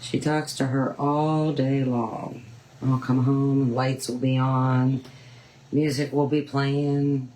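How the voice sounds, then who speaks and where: A woman's voice: a bass voice, flat delivery, slow pace, warm tone, slight background noise, low-quality recording. A woman hosting a painting tutorial, chatting casually and rambling with frequent ums. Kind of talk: casual chat while painting.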